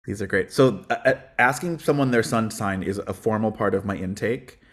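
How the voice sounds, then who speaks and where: Male guest, low bass voice, relaxed reflective podcast chat, fillers throughout. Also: normal speed. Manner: reflective, chatty, frequent ums. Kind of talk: casual podcast conversation.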